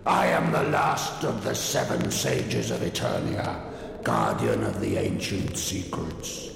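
An actor playing an ancient, solemn male sage who narrates a cartoon tale in a deep, gravelly, portentous voice, recorded with heavy echo. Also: huge pitch swings, slow, a crowd in the background, heavily acted. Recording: roomy, echoey, long reverb.

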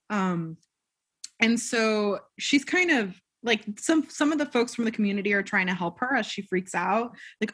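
A woman's voice: fairly high pitch, moderate pace. A woman co-hosting a podcast, recapping a film in casual chat and acting out the characters' lines as she tells it. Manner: animated storyteller, acts out quotes. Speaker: podcast co-host.

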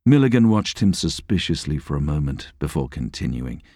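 A man reading a novel aloud as an audiobook narrator, expressive and measured. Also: a bass voice, no echo, studio quality. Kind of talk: scripted narration.

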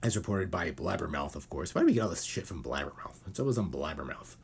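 A man hosting a casual podcast, rambling with lots of fillers and quick put-on quotes. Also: deep voice, expressive, creaky, breathy edge. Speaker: podcast host.

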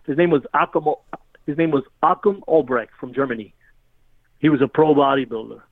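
A man's voice: on the high side, fairly quick, no room sound, phone-quality sound. A man telling a rambling, casual story as a podcast guest, repeatedly saying "you know what I mean".

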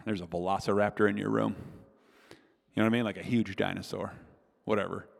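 A man's voice: on the low side, fairly quick, gravelly. A man in his forties preaching a sermon, telling a comic childhood story and speaking directly to the crowd. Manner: animated, addresses the crowd directly. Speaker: pastor. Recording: long hall reverb.

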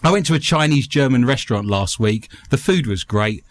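A man's voice: medium pitch, animated, brisk, dry recording. A man hosting a comedy podcast, joking around and reading out listener messages. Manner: jokey, reads listener messages aloud. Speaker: podcast host. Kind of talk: casual comedy chat.

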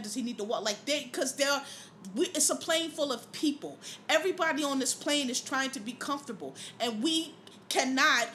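A woman hosting a podcast, venting in a blunt, profane, casual rant. Her voice sits high and sounds bright and sharp. She talks with exasperated force. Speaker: podcast host. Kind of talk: casual ranting commentary.

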